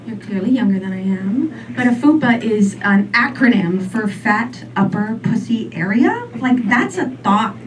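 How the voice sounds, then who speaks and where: A woman in her forties doing a stand-up comedy set, rambling and deadpan, full of "um" and "like". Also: a little high, unhurried, few pauses. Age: 40s. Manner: rambling, filler-heavy, deadpan. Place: comedy club stage. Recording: distant mic with faint room noise.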